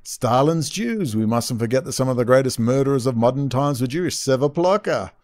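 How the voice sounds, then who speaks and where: A man's voice: medium pitch, quick pace, darkish tone, no echo. Guy reading out history stuff then mocking it, sarcastic, dry room sound. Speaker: host. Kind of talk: reading aloud with sarcastic commentary.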